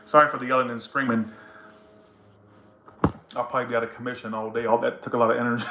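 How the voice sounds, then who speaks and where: A man's voice: mid-range voice, brisk, roomy sound, noisy background. A man giving a casual tarot reading to camera, blunt, teasing and full of profanity. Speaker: tarot reader.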